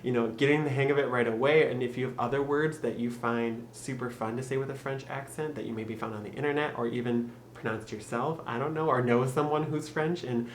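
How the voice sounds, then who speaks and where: An upbeat young man talks through a casual tutorial, slowing down to drill each phrase. His voice is mid-pitched and rings in an echoey room with a faint hiss behind it. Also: fairly even intonation. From Michigan. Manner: upbeat, laughs often, slows for drilled phrases. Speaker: YouTube tutor.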